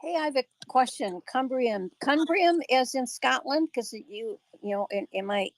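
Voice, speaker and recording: A woman hosting a live audio space, talking in a rambling, thoughtful way with many pauses and fillers. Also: high-pitched, expressive, no room sound. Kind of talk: casual chat.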